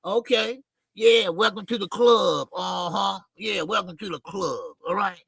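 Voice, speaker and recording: A man hosting a livestream boxing show, ranting with profanity and loud outbursts while greeting his chat. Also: high-pitched, a little slow, vocal fry, slightly rough, no room sound. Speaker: boxing channel host.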